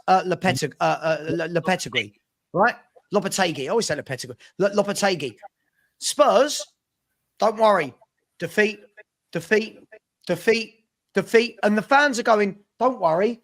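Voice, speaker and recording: A man's voice: sits high, moderate pace, a bit bright. A man co-hosting a casual football fan podcast, talking in an exasperated way with rhetorical questions. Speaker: podcast co-host.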